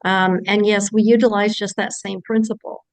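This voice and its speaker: A woman practitioner speaking on a panel, measured and hesitant. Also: mid-range voice, flat delivery, no room sound, poor audio. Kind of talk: casual panel conversation.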